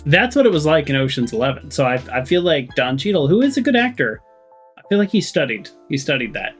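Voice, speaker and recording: A man with a voice pitched a little high talks through a detective game, joking and wandering off on tangents. His pitch swings around a lot, and faint music plays behind him. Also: very animated, a little fast, husky. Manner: jokey, rambling, reads characters' lines in playful voices. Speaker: let's play host. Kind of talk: game playthrough commentary, reading dialogue aloud.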